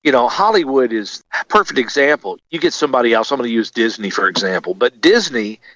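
A man's voice: medium pitch, fast, no echo. A middle-aged man, a radio host and voice actor, telling stories in a casual interview and acting out the voices of the people in them. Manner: animated, acts out voices in his anecdotes.

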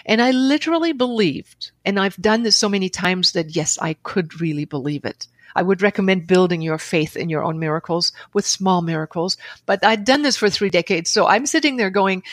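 Expressive woman guest telling a story. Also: mid-range voice, moderate pace, few pauses, no echo. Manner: expressive, laughs often, acts out her own inner dialogue. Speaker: podcast guest, author and seminar leader. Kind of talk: animated storytelling in conversation.

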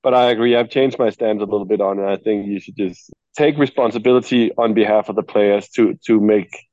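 A man with a low, mellow voice who works through his opinion with frequent restarts. He comes through dry and muffled, as if on a video call. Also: steady tone, brisk, no room sound. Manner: thinks aloud with many restarts. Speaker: tennis coach, panelist. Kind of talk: casual chat.

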